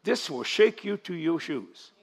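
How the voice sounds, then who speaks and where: A man's voice: fairly high pitch, lively intonation, a little slow, slightly rough. An older man preaching to a congregation, joking and laughing as he goes. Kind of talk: church sermon.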